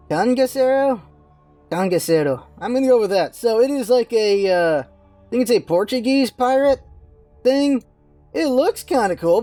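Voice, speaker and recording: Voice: mid-range voice, darkish tone. A gaming channel host giving rambling, offhand casual commentary while browsing game menus.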